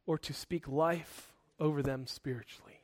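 High-voiced preacher. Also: male voice, normal speed. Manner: animated, acts out angry outbursts, self-correcting asides. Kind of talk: sermon.

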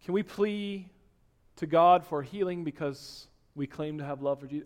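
A man preaching a sermon, dropping to hushed tones and then rising to loud, emphatic exhortation. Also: a little high, normal speed. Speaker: pastor.

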